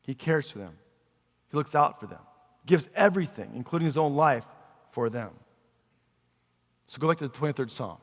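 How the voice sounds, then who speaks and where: This male pastor's voice is fairly high, and he talks at a normal speed while preaching. He keeps the sermon conversational by asking the congregation questions, and a long reverb tail follows his speech.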